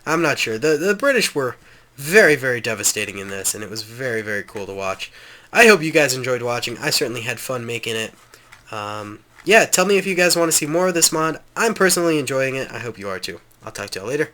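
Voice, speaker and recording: A man's voice: medium pitch, sing-song, fast, pushed and bright. A man hosting a gaming channel, giving enthusiastic, rambling gameplay commentary with frequent ums.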